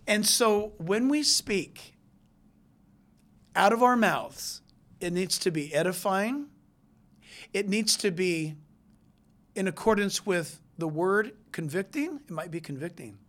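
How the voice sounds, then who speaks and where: Animated preacher with a lively voice. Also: medium pitch, slow pace, long pauses. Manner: animated preaching with shifts from hushed to loud. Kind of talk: sermon.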